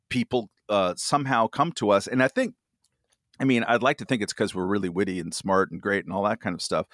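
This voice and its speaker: Male guest, fifties, lower register, rambling and self-mocking, dry close-miked sound. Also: fairly bright tone, no room sound. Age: 50s. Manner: rambling, full of fillers and self-deprecating asides. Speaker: podcast guest. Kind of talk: casual chat.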